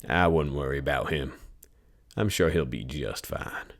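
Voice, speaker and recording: A man voicing a gruff, protective pilot with a folksy drawl. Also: extremely low pitch, measured pace, exaggerated voice.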